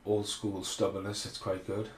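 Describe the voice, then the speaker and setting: A man's voice: fairly low pitch, flat delivery, moderate pace, a little hiss or hum. A man hosting a casual film commentary podcast, rambling and swearing freely as he rants. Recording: roomy echo.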